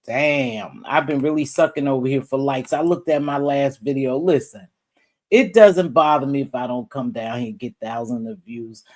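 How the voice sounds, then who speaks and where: A middle-aged woman hosting a casual livestream, chatting with viewers and giving gossip commentary, her voice jumping high when she gets worked up. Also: normal speed. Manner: animated, jumps high when worked up, reads out and greets chat viewers. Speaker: livestream host.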